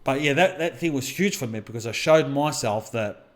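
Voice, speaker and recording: In casual podcast chat, a middle-aged man who co-hosts the show and works as a mindset coach tells life stories bluntly, swearing a lot. His mid-range voice has lively intonation at a normal speed.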